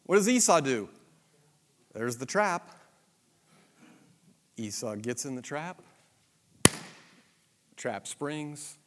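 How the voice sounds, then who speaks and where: Animated man teaching scripture. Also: mid-range voice, very slow, pauses often, big-room sound. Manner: animated, dramatic storytelling. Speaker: Bible teacher. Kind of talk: scripture reading with commentary.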